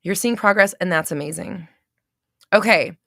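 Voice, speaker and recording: Woman host, bright voice, casual live chat, frank and sweary, dry close sound. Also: on the low side, moderate pace, creaky, no echo. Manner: frank, swears freely, many fillers and restarts; acts out little scenes in quoted voices. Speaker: podcast host answering listeners.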